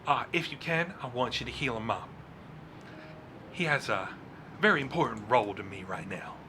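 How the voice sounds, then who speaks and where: A man's voice: medium pitch, lively intonation, moderate pace, noisy background, lightly acted. Man doing a silky, menacing villain. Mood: calm commanding. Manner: smooth, politely threatening. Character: suave, menacing man who controls others.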